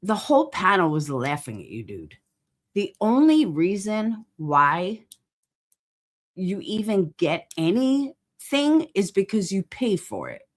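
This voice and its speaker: A woman's voice: medium pitch, very animated, takes it slowly. A woman hosting a casual commentary stream, talking bluntly and with swearing, rambling and groping for words while she greets chat viewers. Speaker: livestream host.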